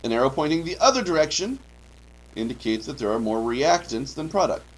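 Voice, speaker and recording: A man's voice: mid-range voice, very animated, a little fast, poor audio. A man teaching a chemistry class, lecturing with frequent "okay" checks and dry joking asides. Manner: drills key terms, frequent "okay" checks. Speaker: high school chemistry teacher.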